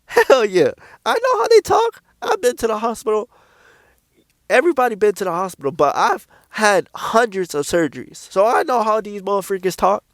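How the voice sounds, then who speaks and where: Blunt, high-voiced man preaching. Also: a bit bright, no room sound, studio quality. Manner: blunt, profane, repeats himself for emphasis. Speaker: Christian speaker. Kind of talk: casual preaching vlog.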